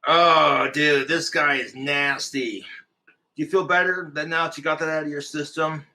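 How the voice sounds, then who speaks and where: Slow, bright-voiced ranting man. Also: fairly high pitch, fairly even intonation, creaky, a little hiss or hum. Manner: crude, combative, swearing. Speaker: streamer. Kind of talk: profane comedic rant.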